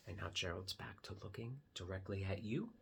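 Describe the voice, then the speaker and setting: A man reading a picture book aloud to children, gently explaining what is on each page. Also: low voice, creaky, heavy background noise. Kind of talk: read-aloud storytime for kids.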